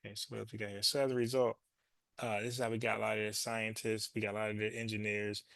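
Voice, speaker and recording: A man hosts his own commentary show in a gravelly, fry-edged voice. He talks loosely and bluntly, repeats words as he restarts, and the sound is close and dry. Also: on the low side, level tone, fast, a bit bright, no echo. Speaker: show host. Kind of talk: casual commentary monologue.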